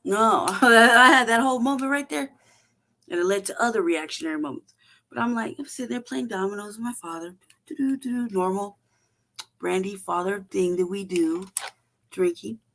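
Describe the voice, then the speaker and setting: Brief: woman host, casual profane storyteller, animated, quick to laugh. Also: medium pitch. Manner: profane, animated, laughs often, acts out quotes. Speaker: show host.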